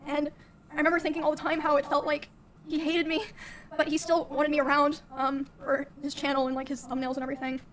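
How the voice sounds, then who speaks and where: A young woman streamer recounting a personal story in a soft, halting way, with many fillers. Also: high voice, level tone.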